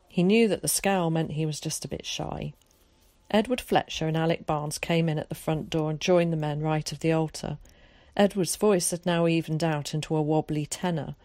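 A woman narrating an audiobook in a calm, measured way. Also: low voice, no room sound.

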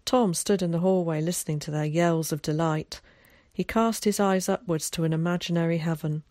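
Female audiobook narrator, low, measured, dry close mic. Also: fairly even intonation, dark tone, dry recording. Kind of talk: storybook narration.

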